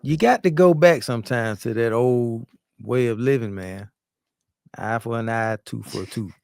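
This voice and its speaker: A man co-hosting a casual podcast, speaking in a plainspoken, measured way. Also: mid-range voice, gravelly, a little mellow, smooth, dry recording, studio quality. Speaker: podcast co-host.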